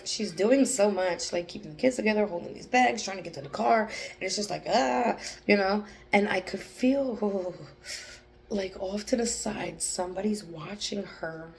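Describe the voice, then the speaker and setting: A young woman who gives an intuitive psychic reading, thinking aloud, hesitating and pausing to focus. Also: medium pitch, gravelly, a little hiss or hum. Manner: hesitant, restarts, pauses to focus. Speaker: psychic channeler.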